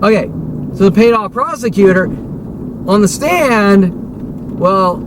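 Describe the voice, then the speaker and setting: High-voiced man ranting angrily. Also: lively intonation, slow. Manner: agitated, profane, rambling and repetitive. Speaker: vlogger. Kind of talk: unscripted rant to camera. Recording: noisy recording with vehicle sounds.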